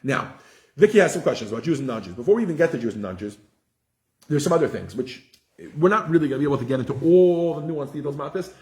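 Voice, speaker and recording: With a roomy echo around him, a male teacher leads an informal religious class. He speaks fast at a fairly high pitch, an animated storyteller who keeps restarting his sentences.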